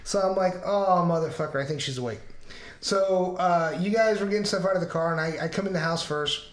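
High-voiced man telling a rambling story. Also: a little fast. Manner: rambling, profane, acts out quoted dialogue. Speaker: podcast host. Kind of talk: casual storytelling. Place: room in a house. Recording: roomy echoing room.

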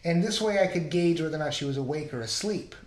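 A man with a high voice hosts a casual podcast, spinning a long, profane anecdote and slipping into the voices of the people in it. He records in a room of a house, and his voice echoes off the walls. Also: animated, quick pace, darkish tone. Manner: rambling, profane, acts out quoted dialogue. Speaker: podcast host. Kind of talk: casual storytelling. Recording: roomy echoing room.

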